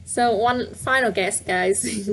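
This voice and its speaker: A Vietnamese teacher whose first language is Vietnamese leads a live online language lesson, speaking slowly at a medium pitch over a faint hiss. She is patient, repeating words slowly and asking viewers to guess.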